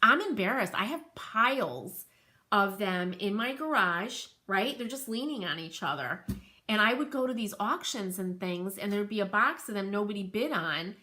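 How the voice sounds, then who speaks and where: At a normal speed and mid-range pitch, a middle-aged woman with a New England accent hosts a furniture painting show and tell online. She laughs often and gushes excitedly while reading through viewer comments.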